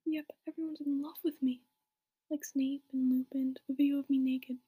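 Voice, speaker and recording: A young woman reading the lines of a melodramatic, self-pitying goth teen girl in a soft whisper, as whispered role-play. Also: sits high, level tone, moderate pace, natural voice. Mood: whining.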